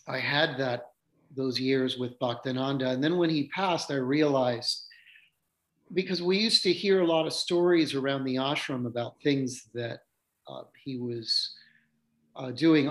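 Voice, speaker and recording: A man who teaches yoga, recalling his spiritual teachers and telling stories in an unhurried, reflective way with pauses to gather his thoughts. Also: mid-range voice.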